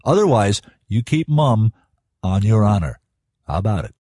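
A man doing a calm, measured young scientist. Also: fairly low pitch, no echo, studio quality. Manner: even, measured, commanding. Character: calm adult male young scientist, dryly humorous.

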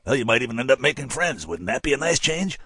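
A man's voice: mid-range voice, big pitch swings, fast, sharp tone, slightly rough, no room sound, studio quality, pitched above the performer's own voice, full character voice. A man reading a brash young male poker player in a story, speaking in a crude, sarcastic, needling way. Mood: mocking.

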